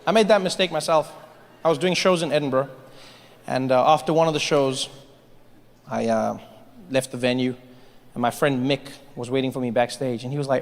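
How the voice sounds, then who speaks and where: A man's voice: medium pitch, brisk, long pauses. A man performing stand-up comedy, telling a story and acting out the people in it. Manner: animated storytelling, acting out voices. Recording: live hall with reverb, faint ambience.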